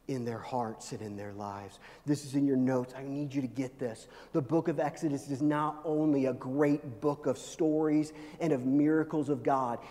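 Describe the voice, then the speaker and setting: A pastor preaching a sermon, swinging between loud, rising pleas and hushed, low lines. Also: male voice. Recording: long reverb of a large hall.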